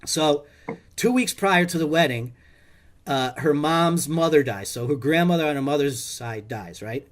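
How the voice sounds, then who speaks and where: His voice a little high and his pace a little slow, a man performs a comedic monologue as a sketch patient. He tells his therapist, via video call, rambling and exasperated stories, his voice rising until he is pleading.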